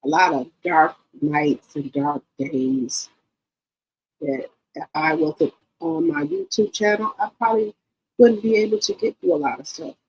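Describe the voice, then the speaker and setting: Woman channel host, low gravelly voice, heartfelt, swoops up and down. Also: animated, measured pace, a little mellow, slight background noise, low-quality recording. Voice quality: emotional, repeats herself, addresses viewers directly. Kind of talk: casual heartfelt talk to viewers.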